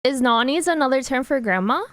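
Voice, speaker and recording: A woman's voice: high-pitched, lively intonation, fairly quick, no room sound. A woman streamer chatting casually with her viewers while drawing, giggling often and filling her talk with "like.". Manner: giggly, chatty, lots of "like" fillers; answers viewer chat questions.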